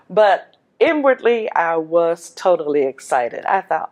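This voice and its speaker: A woman telling her own story with lively animation and a fairly low speaking voice. She brings the dialogue to life, voicing the people she quotes as she recounts them. The delivery is that of a personal storyteller. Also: a little slow. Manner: laughs while telling.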